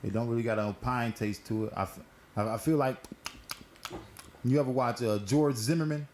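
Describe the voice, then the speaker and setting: A man's voice: mid-range voice, steady tone, moderate pace, darkish tone, slight background noise. A man hosting a casual current-events talk, telling stories in a laid-back, slangy and profane way while smoking. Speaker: host.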